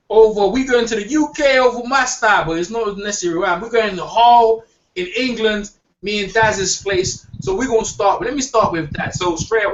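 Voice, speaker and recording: High-voiced man hosting a loose boxing chat. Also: fairly bright tone. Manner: loose, slangy, repeats himself. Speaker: host. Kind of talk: casual online hangout chat. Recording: distant lo-fi mic with faint hiss.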